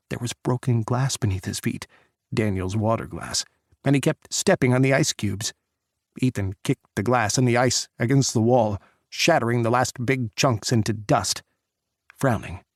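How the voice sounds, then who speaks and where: A man narrating an audiobook in measured, dramatic storytelling. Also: medium pitch, a little mellow, no room sound, clean studio sound. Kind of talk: scripted narration.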